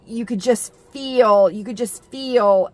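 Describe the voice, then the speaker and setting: A woman's voice: a little high, slow pace. Chatty, rambling middle-aged woman. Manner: chatty and rambling, with many fillers and restarts; gushing and emotional about TV shows. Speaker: vlogger. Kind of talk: casual chat to camera.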